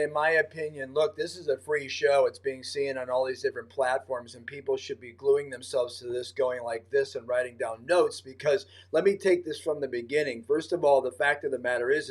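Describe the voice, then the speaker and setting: A man hosting a livestream interview, telling stories emphatically and acting out quoted dialogue. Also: medium pitch. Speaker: livestream host. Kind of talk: casual interview chat.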